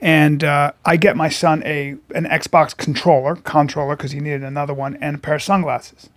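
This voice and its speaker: A middle-aged man, a podcast co-host telling stories in casual chat, animated and profane, acting out the people in them. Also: a little high, normal speed.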